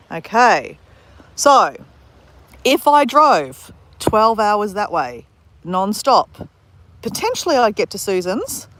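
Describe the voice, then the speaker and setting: An Australian woman vlogging live outdoors at a beach at dawn, chatting in a rambling, fast-talking way with lots of restarts. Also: medium pitch, a bit bright. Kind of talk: live-stream chat on a beach walk.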